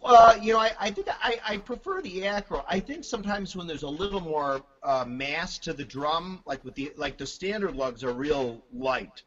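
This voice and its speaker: Man, fairly high voice, animated storyteller, laughs a lot, muffled lo-fi audio. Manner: animated storyteller, laughs often, halting restarts. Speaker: guest drum collector. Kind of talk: casual chat.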